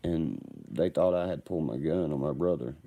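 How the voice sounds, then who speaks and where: Brief: man, deep and mellow, combative vlogger telling a rambling story. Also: moderate pace, gravelly.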